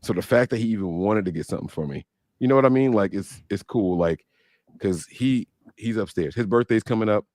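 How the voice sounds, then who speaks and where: Man co-host, lowish voice, dry close mic, casual banter. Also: a little fast, a little mellow, dry recording. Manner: loose, joking, slangy. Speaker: podcast co-host. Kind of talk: casual livestream chat.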